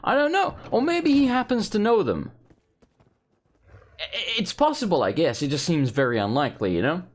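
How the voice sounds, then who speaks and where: A man's voice: on the high side, very animated, moderate pace. A young man doing casual gameplay commentary, rambling and exasperated as he talks to himself. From England. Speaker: let's play host.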